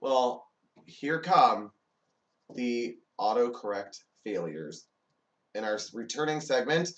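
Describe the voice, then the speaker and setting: A man hosting a comedy show, reading funny text messages aloud and breaking in with loud, exasperated corrections. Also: mid-range voice, animated, takes it slowly, far from the mic. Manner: reads texts aloud, then jumps in with loud, exasperated corrections. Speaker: host.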